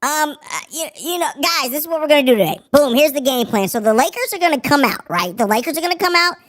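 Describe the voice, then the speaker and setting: A man voicing a scheming male basketball coach through a pitched-up voice changer, rambling through a game plan. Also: lively intonation, fast talker, a bit bright, no echo, clean studio sound. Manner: rambling, self-assured game-plan talk.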